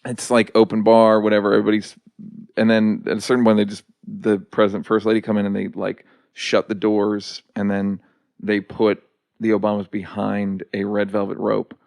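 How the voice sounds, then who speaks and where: A man's voice: on the low side, completely flat delivery, moderate pace, creaky, a little mellow, no echo. Male guest, dry wry storyteller, swears freely, close dry recording. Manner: profane, dry storytelling with quoted impressions. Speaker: guest comedian. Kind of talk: casual podcast storytelling.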